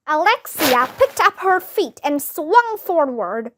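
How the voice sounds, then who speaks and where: A woman reading a children's chapter book aloud, narrating in a lively way and giving each character a voice. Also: high voice, slow, a little hiss or hum.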